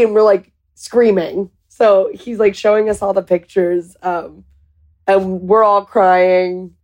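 Excitable woman guest, animated retelling, casual podcast chat. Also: medium pitch, slow.

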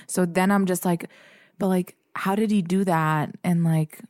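This woman joins a podcast as a guest for casual chat. She has a low voice for a woman and rambles, filling her sentences with "like". Her voice is recorded dry and close, with no room echo. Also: steady tone, a little slow, a little mellow. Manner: rambling, heavy use of "like".

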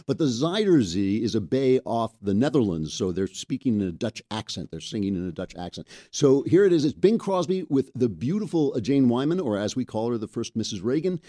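A man hosting a talk show, chatty and lively, laughing easily with his guest. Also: mid-range voice, brisk, hardly any pauses, no echo, studio quality. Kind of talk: talk show interview and chat.

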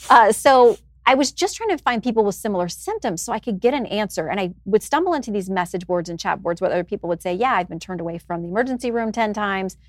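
A woman in her forties speaks quickly and earnestly as an interview guest, sharing a deeply personal story. Her voice sits at an ordinary pitch. The sound is dry and close, with no room around it. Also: lively intonation, dry recording. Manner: earnest, emotional, candid and reflective. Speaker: news anchor and author, guest.

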